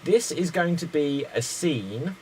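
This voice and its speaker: A man's voice: on the high side, expressive, a little mellow, a little hiss or hum, rough recording. A man hosting an online improv comedy show, calling on players by name and running the games. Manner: brisk, calls on players by name.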